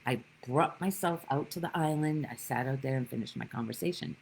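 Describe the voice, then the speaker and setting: A woman's voice: extremely low pitch, fairly quick, vocal fry, a little mellow, a little hiss or hum, poor audio. A woman giving a live-streamed spiritual talk, telling stories with animation and greeting viewers by name. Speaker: spiritual teacher.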